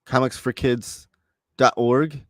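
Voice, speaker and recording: A man in his thirties hosting a live stream from home, chatting casually and reading out viewer comments in a relaxed, rambling way. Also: medium pitch, slow pace, dry recording, clean studio sound. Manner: relaxed, rambling, reads chat messages aloud. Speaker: host. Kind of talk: casual livestream chat.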